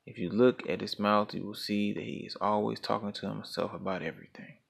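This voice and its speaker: A man reading a folktale aloud as a storyteller, in a measured, steady narration. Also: lowish voice, vocal fry.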